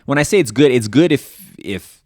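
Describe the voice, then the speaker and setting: A podcast co-host chats casually, rambling and swearing with lots of fillers and restarts. His medium-pitched voice is animated and darkish at a moderate pace, captured in a dry, clean studio recording.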